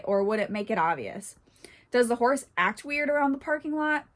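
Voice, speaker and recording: A woman's voice: on the high side, lively intonation, normal speed. A woman hosting a horse channel, reading online posts aloud and commenting in a chatty way, often breaking into laughter.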